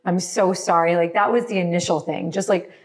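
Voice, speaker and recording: Her lowish voice stays steady and runs a little fast as this guest shares a frightening personal experience in a podcast chat. She is emotional and apologetic, crying at moments, with many restarts.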